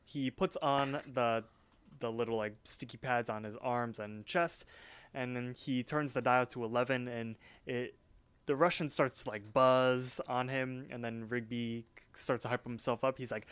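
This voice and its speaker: Dude co-hosting a podcast, rambly with lots of ums, dry close sound. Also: male voice, mid-range voice, steady tone, unhurried, a bit bright, clear, resonant tone, no room sound. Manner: rambling, filler-heavy narration. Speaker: podcast co-host. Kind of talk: casual chat.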